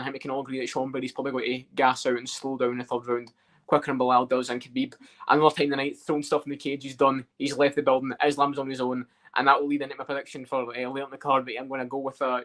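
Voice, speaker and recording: A man's voice: mid-range voice, a bit bright. A man co-hosting a casual livestream, talking through fight picks in a loose, hedging way. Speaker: co-host.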